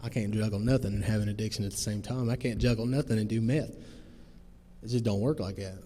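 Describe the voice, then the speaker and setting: A man's voice: on the low side, fast talker, warm tone. A man in his thirties giving a plain-spoken, earnest personal testimony to a recovery group, telling his story in folksy phrasing. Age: 30s. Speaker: testimony speaker. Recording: long hall reverb, faint noise.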